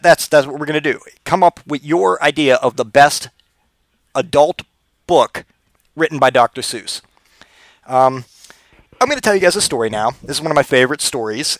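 A man's voice: mid-range voice, a bit bright, no echo. Rambling, profane male podcast comic. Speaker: podcast host. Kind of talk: comedic podcast monologue.

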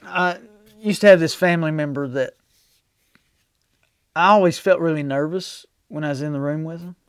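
High-voiced folksy pastor. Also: male voice, moderate pace, clear, resonant tone, no room sound, studio quality. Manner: folksy storytelling with big swings in loudness. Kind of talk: sermon.

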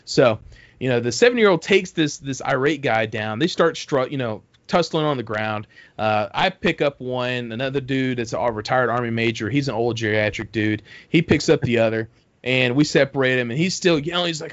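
A man's voice: medium pitch, normal speed, dry recording. A man telling a long story in casual podcast chat, rambling, swearing heavily and acting out what people said. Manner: rambling, heavy swearing, acts out quotes. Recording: dull dry close mic.

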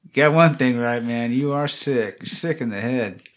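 Man, podcast co-host, mid-pitch, dry teasing quips. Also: normal speed. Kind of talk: casual chat.

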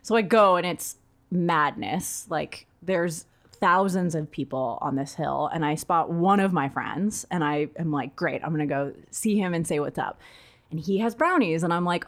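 A woman in her thirties telling a funny story in casual chat, laughing often and acting out the lines of the people she quotes. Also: moderate pace. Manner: animated, laughing, acts out quoted lines in a higher voice.

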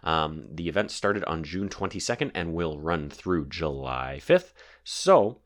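A man's voice: extremely low pitch, very animated, unhurried. A man with a sore throat hosting a casual solo podcast from his home basement, rambling with lots of fillers and digressions. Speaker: podcast host.

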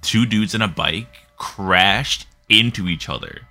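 A man's voice: on the low side, a little slow. A man hosting a podcast, animatedly telling a story and laughing as he goes. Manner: animated, laughing, acts out quotes. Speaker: podcast host. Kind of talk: casual storytelling.

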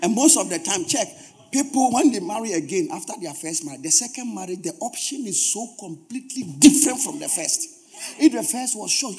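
A man's voice: sits high, lively intonation, fairly quick, darkish tone. A man preaching a sermon as pastor, emphatic, repeating phrases for stress and dropping humorous asides to the congregation.

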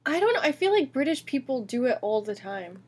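A woman's voice: high voice, big pitch swings, brisk, husky. A woman co-hosting a casual film podcast, frank and opinionated. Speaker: podcast co-host. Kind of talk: casual film-review chat.

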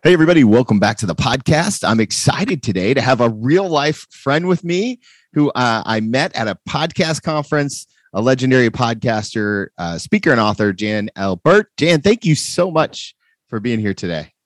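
A man hosting a casual faith podcast interview, friendly and a bit halting, with fillers and restarts. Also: mid-range voice, sing-song, no echo, studio quality. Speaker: podcast host.

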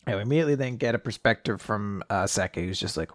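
A man's voice: on the low side, brisk, few pauses, no room sound, clean studio sound. A young man co-hosting a casual podcast, animatedly retelling a manga chapter and swearing casually. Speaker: podcast co-host.

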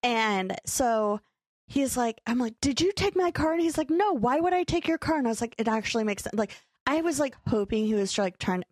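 A young woman chats on a podcast, spinning an animated story and acting out every quote. Her voice sits a little high, and the sound is close and dry. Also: brisk, no echo. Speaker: podcast co-host. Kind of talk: casual chat.

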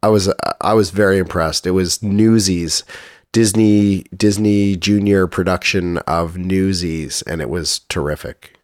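Brief: middle-aged male podcast co-host, very low voice, dry close mic, laid-back rambling, fighting a cough. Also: fairly even intonation, dry recording. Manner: easygoing, halting, restarts often. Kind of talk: casual chat. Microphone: studio microphone.

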